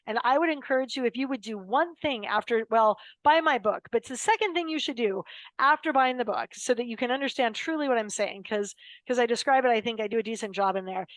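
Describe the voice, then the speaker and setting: An American woman in her fifties tells a story with emphatic, dramatic delivery and brings quoted lines to life. Her voice sits on the higher side. The sound is close and dry, with no room around it. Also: no echo, poor audio. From United States. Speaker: podcast guest, lawyer. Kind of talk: personal storytelling in an interview.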